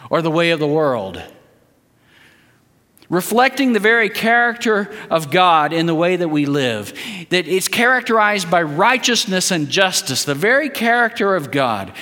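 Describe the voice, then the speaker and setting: A man's voice: fairly high pitch, fairly bright tone, big-room sound. A man preaching a sermon as a guest preacher, leading the congregation in call-and-response statements.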